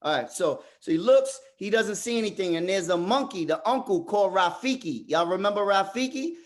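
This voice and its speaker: A man leading a motivational group coaching session over a video call, talking straight to the group as a lively storyteller. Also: sits high, a little fast. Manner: animated storyteller, addresses the group directly. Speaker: workshop facilitator.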